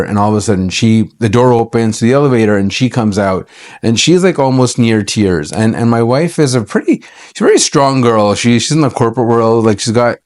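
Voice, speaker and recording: A middle-aged Canadian accountant with a medium-pitched, slightly mellow voice tells a personal story to camera. He's chatty and aggrieved, with many fillers and restarts.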